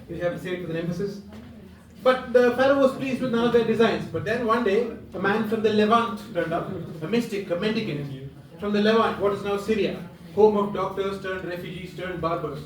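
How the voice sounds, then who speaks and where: A male comedian spins a long, winding story at a pub comedy night, tossing in deadpan asides. His voice sits high. It rings out in a reverberant room, caught from some distance. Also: fairly quick, crowd noise. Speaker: stand-up comedian. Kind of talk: stand-up storytelling. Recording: echoey pub room, far mic.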